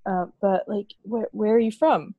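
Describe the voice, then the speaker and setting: A woman's voice: medium pitch, steady tone, measured pace, dry recording, phone-quality sound. A woman in casual conversation, chatty and laughing, with lots of fillers and restarts. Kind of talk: casual chat.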